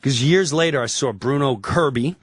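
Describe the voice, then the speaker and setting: A man, a guest comedian, telling an animated anecdote on a talk show, swearing freely and acting out the voices. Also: mid-range voice, normal speed, husky, no echo, studio quality. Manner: excitable storyteller, swears freely, acts out voices.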